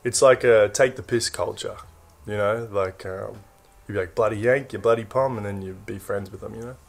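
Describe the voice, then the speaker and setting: Gravelly young Australian man. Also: fairly low pitch, level tone, moderate pace. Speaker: guest explaining slang. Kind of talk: casual explainer in a played clip.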